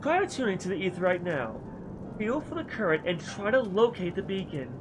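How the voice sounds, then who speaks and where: A man voicing a calm female guide in a video game, giving plain instructions in a near-normal voice. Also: high-pitched, normal speed, music in the background, poor audio. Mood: instructive.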